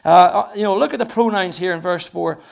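A man's voice: high voice, a little fast, vocal fry. A man preaching a sermon to his church, emphatic, repeating words as he builds each point and raising his voice to read scripture. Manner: reads scripture aloud in a raised voice.

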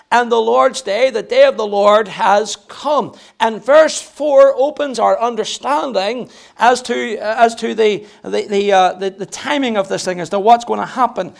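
A man's voice: extremely high pitch, creaky. A man preaching a sermon to his church, emphatic, repeating words as he builds each point and raising his voice to read scripture. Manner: reads scripture aloud in a raised voice.

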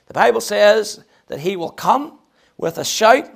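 A man's voice: high-pitched, expressive, moderate pace, creaky. A man with a Northern Irish accent preaching a sermon, swinging between ringing proclamation and chatty, joking asides.

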